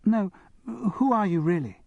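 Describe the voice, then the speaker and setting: A man's voice: sits high, lively intonation, a little slow, no room sound, highs cut off, voice pushed up. A man voicing a giggly posh English schoolgirl. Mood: eager. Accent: English public school. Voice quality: bright and girlish. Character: young posh English girl, giggly, eager.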